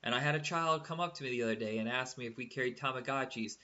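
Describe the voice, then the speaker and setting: A man in his thirties hosting a casual podcast, chatty and animated, given to swearing as he tells stories. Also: medium pitch, fast talker. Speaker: podcast host. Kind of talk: casual chat. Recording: dull lo-fi podcast audio.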